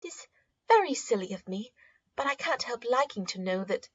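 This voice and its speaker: Eager, bashful young girl voiced by a woman, husky, dry and muffled audiobook. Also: on the high side, animated, normal speed, no room sound, pitched above the performer's own voice. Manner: eager, breathless and protesting. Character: vain young girl, proud, easily flustered.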